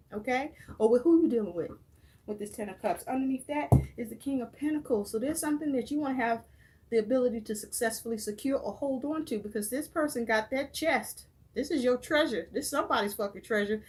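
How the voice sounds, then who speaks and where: A woman with a fairly high voice doing a tarot reading. She talks casually and bluntly, swears constantly and addresses the viewer directly with lots of emphasis. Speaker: tarot reader.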